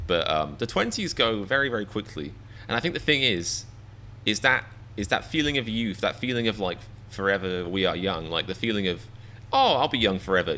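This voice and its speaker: A man's voice: deep voice, bright, forceful tone, slight background noise. An English man in his thirties, chatting casually to a live-stream audience in a rambling, self-deprecating, mock-exasperated way. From England. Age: 30s.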